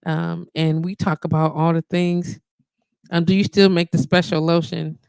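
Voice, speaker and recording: Chatty woman live-stream host, gravelly voice, dry close sound, laughs a lot with viewers. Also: fairly low pitch, level tone, moderate pace, darkish tone, dry recording. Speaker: host of a live online radio show. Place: her wellness practice.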